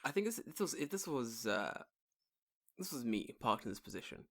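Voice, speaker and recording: A man co-hosting a podcast in casual chat, giggly and quick to laugh. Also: mid-range voice, sing-song, fairly bright tone. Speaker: podcast co-host.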